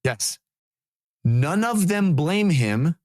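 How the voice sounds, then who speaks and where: A man co-hosting a comedy history podcast, telling the story in an animated, laughing way. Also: fairly high pitch, extremely slow.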